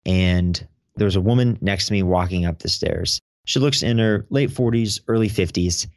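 A young man telling a story in an animated way as a podcast guest. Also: low-pitched, moderate pace, no echo, studio quality. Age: young adult. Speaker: podcast guest, teen podcast host. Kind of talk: casual interview storytelling.

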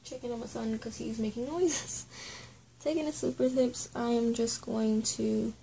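A woman's voice: fairly high pitch, fairly even intonation, measured pace, vocal fry, dark tone, a little hiss or hum, rough recording. A woman hosting a casual Bible study at home, chatty and apologetic, spelling out words letter by letter.

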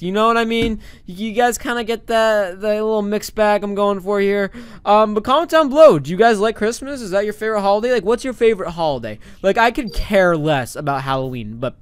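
A young man with a high, smooth voice rambles playfully over his gameplay. He jokes around and bursts out loud at times, recorded dry and close on a desk mic. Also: dry recording. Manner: goofy, rambling, playful, sudden loud outbursts. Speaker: gaming YouTuber. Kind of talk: let's play commentary. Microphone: desk microphone.

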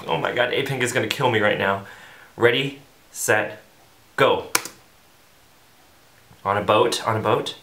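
A man's voice: fairly low pitch, takes it slowly, pauses often, pushed and bright, slight background noise. A man hosting a reaction video, gushing with breathless fanboy exclamations as he reacts to a music video. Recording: roomy echo with faint music.

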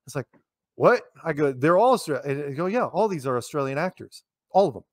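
An American man tells stories in a casual interview, rambling along with many restarts and repeated words. His voice is slightly high, animated and brisk, captured with studio quality and no room sound.

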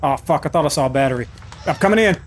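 A man's voice: a little high, lively intonation, racing, slight background noise. A man hosting a let's play of a horror game, reacting with nervous jokes and constant swearing. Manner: jumpy, profane, nervous joking. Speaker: gaming channel host. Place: home gaming setup. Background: horror game music.

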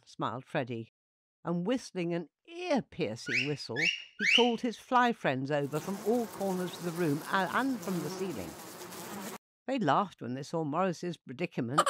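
A woman narrating a bedtime story for children in a playful, expressive way, with a noisy hiss behind her. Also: on the low side, normal speed.

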